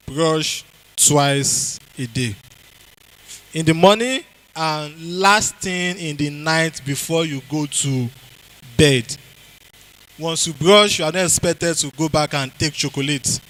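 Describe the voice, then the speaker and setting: Speaking with a Nigerian English accent, a man gives a health talk to a church congregation, quizzing his listeners and repeating key phrases. His voice is a little high, bright and forceful, and the recording quality is low.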